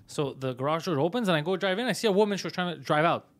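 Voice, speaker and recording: A man's voice: a little high, expressive, racing. A man hosting a comedy podcast in casual banter, swearing constantly and ranting with rising heat.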